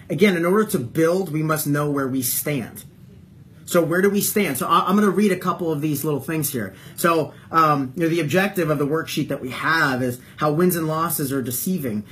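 A male wrestling coach talks to his team on a call, hammering home points with repeated questions. His voice sits a little high for a man. A faint hiss of noise runs under the recording. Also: fairly bright tone. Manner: emphatic, repeats key points and asks yes-or-no questions.

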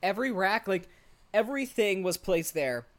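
A woman's voice: medium pitch, expressive, moderate pace. A woman co-hosting a casual chat, a wry storyteller who swears and adds dry asides. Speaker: podcast co-host. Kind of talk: casual chat recapping a TV episode.

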